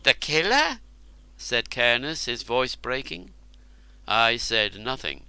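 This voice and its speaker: A man narrating an audiobook in the first person, in a slow, measured and deliberate storytelling manner. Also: mid-range voice, pushed and bright, clear, resonant tone, no echo, poor audio.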